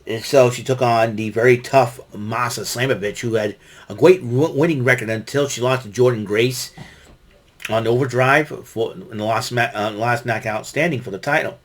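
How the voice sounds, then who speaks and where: A man's voice: medium pitch, normal speed. A man giving a casual solo wrestling recap, rambling with many fillers and restarts.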